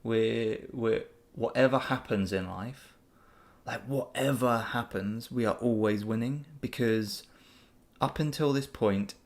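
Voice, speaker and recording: Gravelly, easygoing man. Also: mid-range voice, slow. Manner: easygoing and upbeat, rambling with fillers and restarts. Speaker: channel host answering viewer questions. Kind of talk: casual live Q&A chat.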